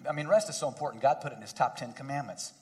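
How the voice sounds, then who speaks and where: A man preaching a sermon as pastor, talking to the congregation in a conversational way and dropping to hushed emphasis for key points. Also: medium pitch, racing.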